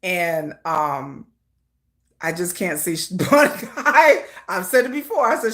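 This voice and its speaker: A woman's voice: lowish voice, slow pace, a bit bright. A woman hosting a livestream, telling stories in a playful, gossiping chat and laughing often. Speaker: livestream host. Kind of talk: casual storytelling chat.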